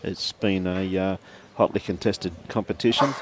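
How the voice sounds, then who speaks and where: An Australian man calls a lawn bowls game with an easy, chatty manner, laughing often and calling everyone mate. His voice sits fairly low. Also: steady tone, moderate pace, noisy background. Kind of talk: live sports commentary.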